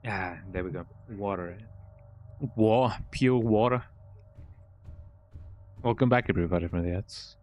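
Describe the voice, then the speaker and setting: A man's voice: lowish voice, a little slow, pauses often, a little mellow, faint music behind. A man streaming a game, reading its text aloud and muttering to himself, stumbling over words and tacking on a questioning "eh?".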